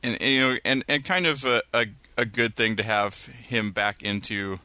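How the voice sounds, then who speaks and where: A man's voice: mid-range voice, fairly even intonation, normal speed, pushed and bright, no echo. A man co-hosting a TV podcast in casual chat, rambling with lots of fillers. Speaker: podcast co-host.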